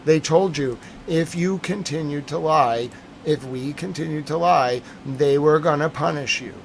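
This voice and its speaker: A man's voice: a little high, measured pace, vocal fry, slight background noise. A man giving live-streamed commentary on breaking news, agitated and emphatic, repeating his points.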